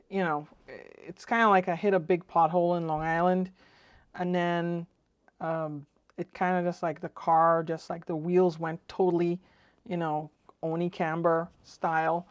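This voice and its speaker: A woman's voice: fairly low pitch, no room sound. A woman hosting her own ham radio live stream, chatting casually and rambling with lots of fillers. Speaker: ham radio channel host. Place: home radio shack.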